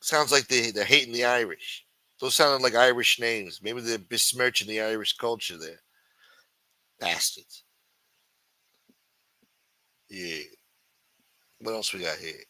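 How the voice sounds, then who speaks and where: A man's voice: on the low side, slow pace, long pauses, pushed and bright, no room sound, low-quality recording. A man hosting a late-night livestream show, reading news articles aloud and breaking off into profane, sarcastic rants.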